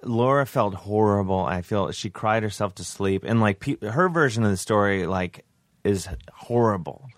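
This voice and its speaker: A man, a comedian guest, telling a rambling, animated story on a casual podcast, acting out what people said. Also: lowish voice, normal speed, dry recording, clean studio sound. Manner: rambling, animated, acts out quotes.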